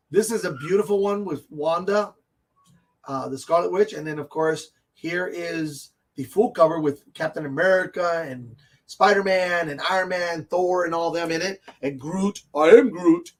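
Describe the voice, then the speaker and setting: A man with a high-pitched voice hosts a laid-back tabletop gaming chat. He rambles, gets carried away with excitement and laughs a lot, talking from a comic and game shop. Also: normal speed. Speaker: host of a tabletop gaming show. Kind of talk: casual live stream chat.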